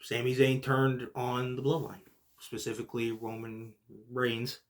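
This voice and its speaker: A young man hosting a casual podcast recap, excitable and full of "like" and "literally", swinging from low muttering to shouting. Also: unhurried. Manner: heavy use of filler like "like" and "literally". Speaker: podcast host.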